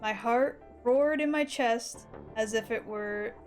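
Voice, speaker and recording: A woman's voice: a little high, slow, a little mellow, soft background music. A woman streamer reading a visual novel aloud with dramatic narration, breaking off for crude jokes and laughter.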